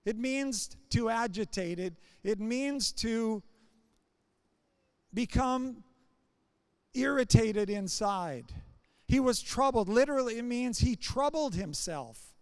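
A man's voice: very high-pitched, lively intonation, slow, pauses often, smooth, no echo, clean studio sound. A man preaching a sermon, building his points in short, repeated phrases.

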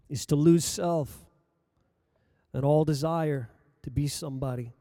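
A man preaching a sermon, reading scripture aloud in a slow, measured delivery that rises for emphasis and drops low at the ends of phrases. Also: dark tone, no room sound, clean studio sound.

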